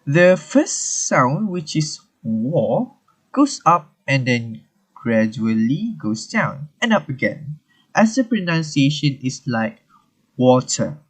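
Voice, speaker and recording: Young male student walking through a tutorial, unhurried and halting, slightly husky. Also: a little high, big pitch swings, fairly bright tone. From Malaysia. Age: young adult. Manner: unhurried, halting, talks through on-screen steps. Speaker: student presenter. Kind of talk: screen-recorded software tutorial.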